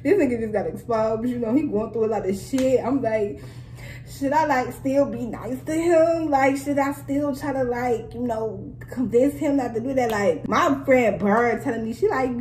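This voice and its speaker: A young woman vlogger retelling a story in a casual, animated and profane way. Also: fairly high pitch, measured pace, roomy sound, slight background noise, rough recording. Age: young adult. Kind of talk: storytime vlog, casual chat.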